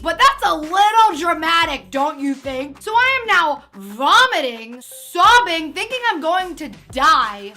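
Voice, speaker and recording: A woman in her twenties telling a personal story in a chatty, animated way. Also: very high-pitched. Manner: animated, acting out quotes, chatty. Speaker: vlogger. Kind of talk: storytelling vlog.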